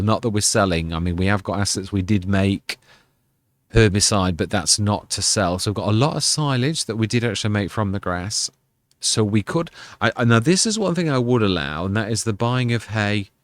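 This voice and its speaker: A man hosting a farming game let's-play, chatting casually and thinking aloud as he plays. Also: fairly low pitch. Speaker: gaming channel host. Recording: clear background game noise.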